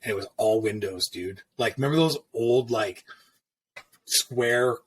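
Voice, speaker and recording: A middle-aged tattoo artist, speaking at a measured pace in a medium-pitched, slightly rough voice, shares stories from his shop. He's laid-back and swears freely, acting out people's lines in casual storytelling talk.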